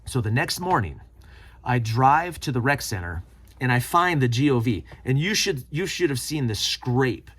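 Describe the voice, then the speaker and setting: A man's voice: mid-range voice, moderate pace, breathy edge. A middle-aged man hosting his own channel, telling a personal story to camera and acting out the people he quotes. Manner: animated, acts out quoted people. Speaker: channel host.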